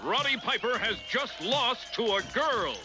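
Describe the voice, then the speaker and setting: An actor playing an excited male ringside announcer in a 1980s cartoon. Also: very high-pitched, unhurried. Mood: astonished. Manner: excited, exclaiming. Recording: cartoon soundtrack, from off mic. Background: music.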